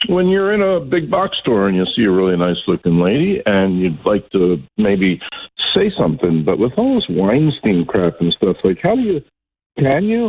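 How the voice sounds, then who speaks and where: A man calling in to a radio show, asking an awkward question in a hesitant way. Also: medium pitch. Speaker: caller. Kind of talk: call-in on a phone line. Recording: tinny phone line.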